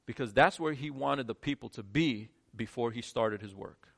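A male pastor preaching a sermon, shifting between quiet, low lines and emphatic, rising ones. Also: normal speed, gravelly.

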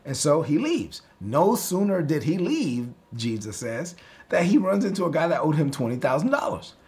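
A man's voice: on the high side, normal speed. A man from Brooklyn with a Brooklyn accent, preaching a sermon in a casual, storytelling way. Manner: casual, storytelling with lively acted-out voices. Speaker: pastor.

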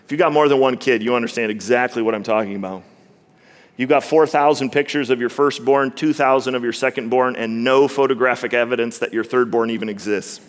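A man preaching a sermon with emphasis, slowing down to stress key words and repeating himself as he builds a point. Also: mid-range voice. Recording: long reverb of a large hall.

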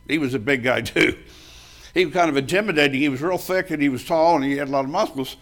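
A man's voice: on the high side, quick pace, a bit bright. A man in his seventies preaching a sermon, telling a personal story in a folksy, emphatic way and laughing often as he talks.

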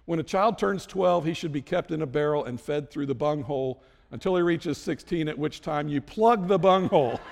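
Man, middle-aged pastor, sermon, high voice, self-deprecating humor, big reverberant hall. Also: creaky.

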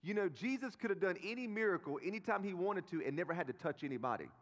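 A man preaching a sermon as pastor, casual and animated, swinging between loud emphasis and quiet, earnest moments. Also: sits high, fast. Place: church auditorium. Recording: reverberant church hall.

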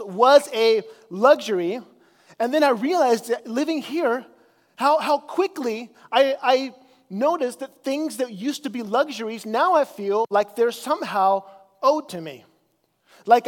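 A man preaching a casual, conversational sermon as pastor, talking with many fillers and restarts. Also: very high-pitched. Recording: long church hall reverb.

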